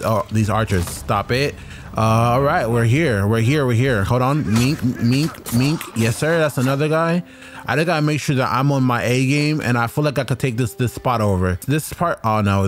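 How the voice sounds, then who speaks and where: Excited young man playing a game. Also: medium pitch. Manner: excited, trash-talking enemies, chatty. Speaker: gaming streamer. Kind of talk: let's-play commentary.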